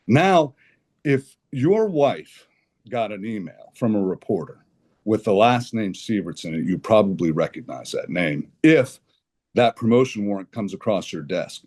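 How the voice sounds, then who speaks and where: A man guesting on a podcast, telling an animated, indignant story with blunt language and frequent restarts. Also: fairly low pitch, measured pace, slightly rough. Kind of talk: conversational podcast interview.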